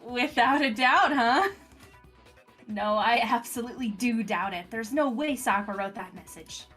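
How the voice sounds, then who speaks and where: A woman's voice: a little high, normal speed, fairly bright tone, breathy edge, faint music behind. A woman chatting and teasing friends while playing a game, laughing often. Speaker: let's play co-host. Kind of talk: casual gaming chat.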